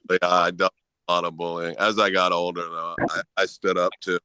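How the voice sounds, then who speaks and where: A man, a podcast guest, calmly recounting his past in casual chat. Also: low-pitched, a little fast, clean tone, dry recording.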